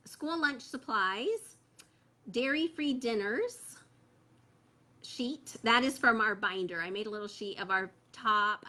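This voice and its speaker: Woman host, casual livestream chat, close phone mic, bright and slightly high, filler-heavy. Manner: chatty, many fillers, reads viewer comments aloud. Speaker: host of a parent membership group. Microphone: phone held close.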